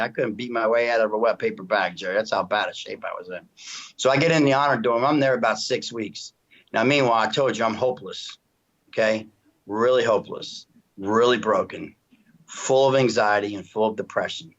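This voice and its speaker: In a relaxed interview, a middle-aged male guest offers a heartfelt, emotional testimony about his life. His mid-range voice has a fairly bright tone and moves at a fairly fast clip, with frequent restarts and the recurring question "you know what I mean". The audio sounds dull and lo-fi.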